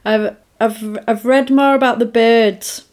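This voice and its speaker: A woman's voice: on the high side, slow pace. Chatty woman retelling a film. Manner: chatty, animated retelling with acted quotes. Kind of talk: casual film chat.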